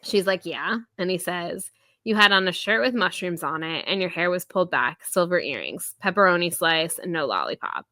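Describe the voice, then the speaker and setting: A woman's voice: fairly low pitch, expressive, moderate pace, pushed and bright, dry recording. A woman, co-hosting a podcast and retelling a novel's scenes in a chatty, filler-heavy way, laughing often. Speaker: podcast co-host. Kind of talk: casual book-review chat.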